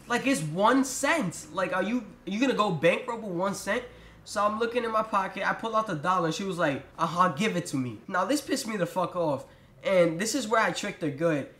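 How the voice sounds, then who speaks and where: A man's voice: sits high, pushed and bright. A young man telling a story to his camera, ranting in an exasperated, profane way. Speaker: vlogger. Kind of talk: storytime rant. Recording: echoey room.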